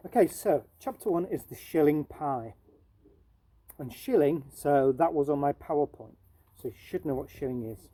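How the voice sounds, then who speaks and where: A woman teacher reading a novel aloud to her pupils, speaking softly and asking them questions. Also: low-pitched, normal speed, slightly rough, low-quality recording. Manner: soft, steady, asks pupils questions.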